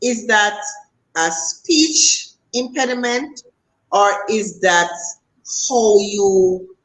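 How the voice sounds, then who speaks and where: A woman hosting a talk show, asking slow, probing questions and pressing for clarification. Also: mid-range voice, lively intonation. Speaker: host. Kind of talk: interview questions. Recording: echoey room.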